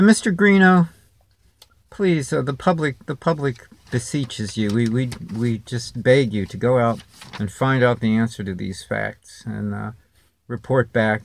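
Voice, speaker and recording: Man, sarcastic, rambling, casual home vlog, average pitch, dry close mic. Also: dry recording. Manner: sarcastic, rambling, talks straight at an unseen viewer. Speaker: vlogger. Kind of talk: casual monologue to camera. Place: home, near a street.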